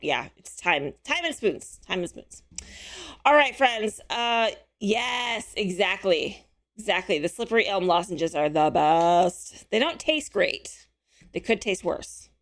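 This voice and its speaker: This live-stream host, a chatty woman with a slightly hoarse voice, speaks slowly and expressively while reading and responding to viewer messages. Her pitch moves up and down a lot, and her tone remains warm and casual.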